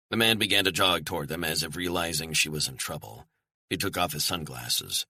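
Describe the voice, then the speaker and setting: A man reading a thriller audiobook in measured, storytelling narration. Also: deep voice, expressive, bright, forceful tone, no echo, clean studio sound.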